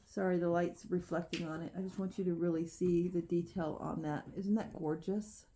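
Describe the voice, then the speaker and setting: A woman's voice: fairly low pitch, steady tone, moderate pace, mellow, slight background noise. Woman, crochet vlogger, casual phone-camera unboxing chat, crinkling packaging behind her. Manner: chatty, frequent ums and restarts.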